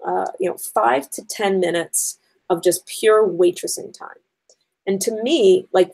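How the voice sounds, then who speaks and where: A woman's voice: fairly low pitch, creaky, darkish tone, husky, rough recording. A woman educator giving a conversational conference talk to teachers, explaining her points step by step with frequent ums.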